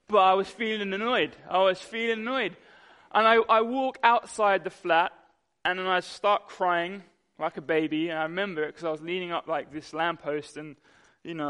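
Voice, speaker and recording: A young man delivers a sermon. He tells a personal story with animation, acting out the people in it. His voice sits slightly high for a man. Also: steady tone, moderate pace, bright, forceful tone, clear, resonant tone. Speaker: pastor.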